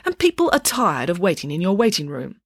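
A bossy, supremely self-assured pig nanny from a storybook, played by a woman reading aloud. She speaks briskly, with lively, bouncing pitch. The voice has a slightly husky edge and sounds dry and close. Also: dry recording, heavily acted. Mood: confident.

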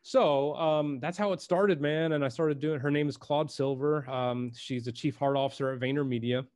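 A man's voice: a little high, moderate pace. A man as a podcast guest, telling his story casually, saying "dude" a lot and swearing freely. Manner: laid-back, swears freely, says "dude" often; acts out quotes in lively voices. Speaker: podcast guest, personal branding videographer.

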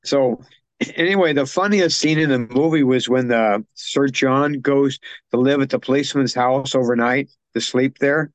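A man's voice: mid-range voice, normal speed, no echo. A man co-hosting a podcast, recapping a film's plot in a casual, rambling way with many fillers. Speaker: podcast co-host. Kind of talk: casual film discussion.

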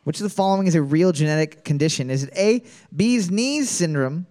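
Trivia host, male, higher register, reads questions twice, jokes in between. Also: expressive, a little fast, warm tone. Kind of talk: comedic trivia podcast banter.

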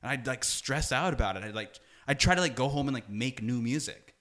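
A young man talks as a podcast guest in a relaxed, storytelling way. He leans on "like" constantly and jumps into quoted voices to act out scenes. His voice sits at an ordinary middle pitch for a man. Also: fast talker. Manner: animated, fills speech with "like", acts out quoted dialogue. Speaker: podcast guest, music producer. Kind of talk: casual storytelling conversation.

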